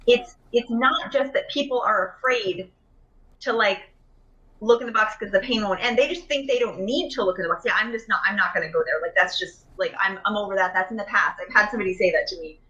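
A woman's voice: mid-range voice, fairly quick, bright, forceful tone, highs cut off. A woman in a casual conversation about emotional healing, chatty, with many fillers and restarts, speaking over a video call.

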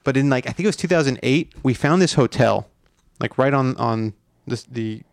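A man's voice: medium pitch, normal speed, no room sound, studio quality. A man telling a story in casual podcast chat, easygoing while he builds suspense.

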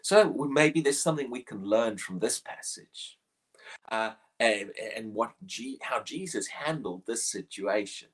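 A man's voice: medium pitch, lively intonation, measured pace, fairly bright tone, breathy edge. A man preaching a short morning devotional, earnest and questioning, often repeating words as he presses a point.

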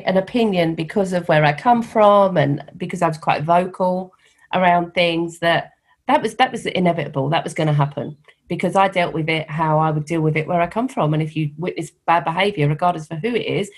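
A middle-aged woman with a softened London Cockney accent, talking candidly as an interview guest and telling stories with animation. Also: lowish voice, a little fast. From East London, England. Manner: candid, animated storytelling with laughs. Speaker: guest, founder of a women's network. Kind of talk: conversational interview.

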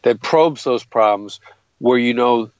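A man's voice: mid-range voice, a little slow, no room sound, muffled recording. Uitleggende man met een doffe, droge opname. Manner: earnest and explanatory, with frequent restarts. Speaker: guest, hostage negotiator. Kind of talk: explanatory interview talk.

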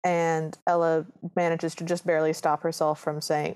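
A woman's voice: low voice, flat delivery, moderate pace, few pauses, a little mellow. A woman co-hosting a podcast, recapping a movie in casual chat. She sounds sarcastic and exasperated. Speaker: podcast co-host.

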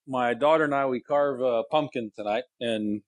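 A man's voice: medium pitch, moderate pace, no room sound. A man with an everyday mid-range voice rambles through a funny home story, chuckling as he goes. He is calling into a podcast from his car in the garage. The sound is dry and close. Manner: rambling, self-deprecating storyteller, laughs often. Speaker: co-host. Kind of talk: casual phone-in podcast chat. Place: sitting in a parked car in a garage.

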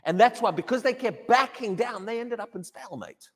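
A male pastor preaching with a high, lively voice that swings up and down as he acts out the voices he quotes. His words ring with a long reverb from the church hall. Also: a little fast, breathy edge. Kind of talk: sermon.

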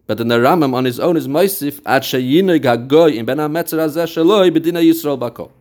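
A man's voice: a little high, brisk, a little mellow. Man giving a Talmud study lecture. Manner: explains step by step, quoting texts in a study chant; mixes English with Yiddish and Hebrew terms. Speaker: Torah teacher.

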